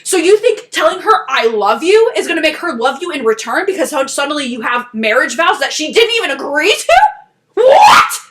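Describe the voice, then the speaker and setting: A young woman co-hosting a podcast, retelling a story in a casual chat with animated indignation and laughter. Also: high-pitched, fast, few pauses. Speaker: podcast co-host.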